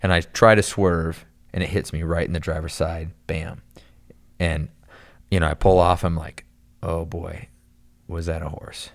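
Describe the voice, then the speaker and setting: A young man with a very low voice tells a story on a podcast. He talks casually and rambles, stacking fillers and retelling what people said. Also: measured pace, gravelly. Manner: rambling, animated storytelling with lots of "like" and "dude". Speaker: podcast guest.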